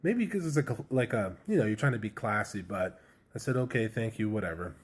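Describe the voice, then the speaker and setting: A man's voice: medium pitch, sing-song, fairly quick, breathy edge. A man casually telling a personal story to camera, candid and chatty, with slang and lots of fillers. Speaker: vlogger sharing a personal story.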